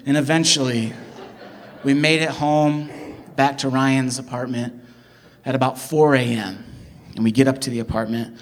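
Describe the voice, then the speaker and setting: A young man from the Midwest telling a personal story in an animated, excitable way, jumping from loud bursts to hushed asides and filling it with "like". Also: medium pitch, normal speed, long pauses. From American Midwest. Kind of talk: personal story told live.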